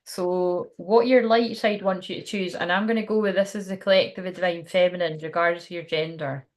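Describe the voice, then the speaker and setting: A woman's voice: on the low side, steady tone, brisk. A woman doing a live card reading for her viewers. She rambles and thinks aloud in a chatty, informal way. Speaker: tarot card reader.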